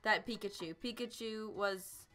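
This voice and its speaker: A woman's voice: mid-range voice, a little slow, fairly bright tone, soft background music. A young woman from South Carolina, chatting and giggling through a live game stream. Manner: bubbly, giggly, chatty with chat. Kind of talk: live gameplay commentary.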